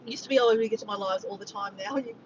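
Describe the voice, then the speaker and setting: Aussie woman rambling on a livestream, muffled far-off mic, loud rumbly vehicle noise behind her. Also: very fast. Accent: Australian. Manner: rambling, reads out the chat and greets viewers by name. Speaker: vlogger hosting a livestream. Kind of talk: casual live chat with viewers.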